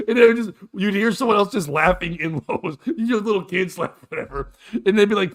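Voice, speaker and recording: A man's voice: high voice, a little fast. A man in his forties, a co-host telling stories in casual morning show chat and acting out scenes. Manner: animated storyteller, acts out scenes.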